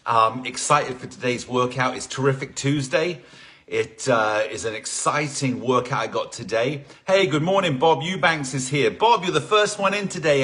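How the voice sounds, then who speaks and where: Chatty male fitness instructor, mid pitch, warm-up banter over video call. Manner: upbeat and rambling, greets people by name. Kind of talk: chatty live online class warm-up.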